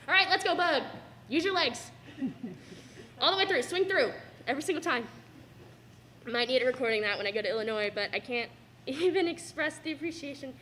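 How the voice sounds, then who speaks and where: Young woman, fairly high voice, tearful thank-you speech with nervous laughs, faint cafeteria hum. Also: a bit bright. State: fighting back tears. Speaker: student athlete giving a farewell speech. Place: school cafeteria.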